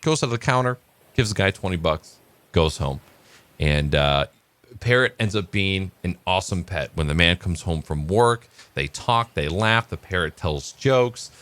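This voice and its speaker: A man's voice: deep voice, expressive, a little slow, a bit bright, no room sound. A man casually telling a long joke and chatting in a morning vlog, rambling with many fillers. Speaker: vlogger.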